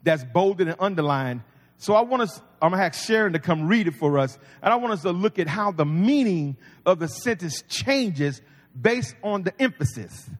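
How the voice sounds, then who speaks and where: A man's voice: sits high, lively intonation, normal speed. A man preaching a sermon as pastor, folksy and conversational with humor. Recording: long reverb of a large hall.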